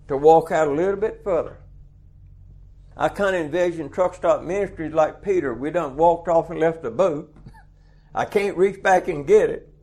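A man's voice: fairly high pitch, a little mellow. A man preaching a folksy sermon, chuckling often and acting out little dialogues. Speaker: truck stop preacher.

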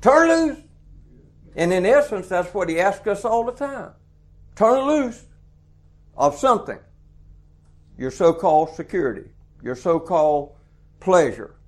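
A man preaching a folksy sermon, chuckling often and acting out little dialogues. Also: on the high side. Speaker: truck stop preacher.

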